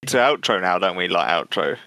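Bright-voiced joking podcast host. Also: male voice, low voice, expressive, a little fast. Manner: joking, sweary, trailing off mid-sentence. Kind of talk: casual banter.

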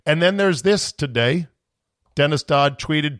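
A man hosting a podcast, ranting sarcastically with profanity and a voice strained from shouting. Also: a little high, lively intonation, unhurried, no echo, clean studio sound. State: voice going from screaming. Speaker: podcast host. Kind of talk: casual podcast rant.

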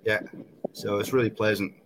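A man's voice: lowish voice, fairly even intonation, moderate pace, noisy background. A Scottish man who is a guest on a casual chat, easygoing and plain-spoken. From Scotland.

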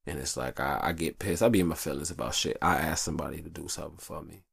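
A man with a rumbling low, creaky, husky voice talks fast while hosting a show from a hot upstairs room. It's a casual, rambling confessional full of swearing and animated storytelling, in clean studio sound with no echo.

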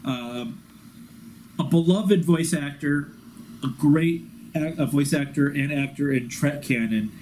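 A man co-hosting a casual fan podcast, excitable and quick, laughing at himself as he talks. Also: fairly high pitch, slight background noise, rough recording. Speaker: podcast co-host.

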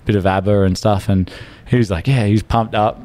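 Aussie bloke on a podcast, kinda low voice, crude laid-back storytelling. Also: male voice, fairly even intonation, a little fast, mellow. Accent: Australian. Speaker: podcast co-host. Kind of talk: casual storytelling chat.

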